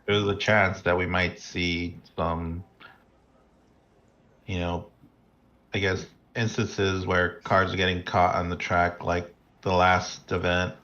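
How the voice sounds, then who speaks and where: Very deep-voiced, dry male co-commentator. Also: slow, dull audio. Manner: flat, dry delivery, swears casually. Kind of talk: casual live race commentary.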